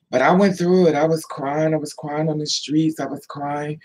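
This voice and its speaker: A woman's voice: deep voice, fairly even intonation, measured pace, a little mellow, breathy edge, low-quality recording. A woman telling stories in a loose, chatty way, stopping to answer viewers by name. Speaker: livestream host. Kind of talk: casual storytelling chat.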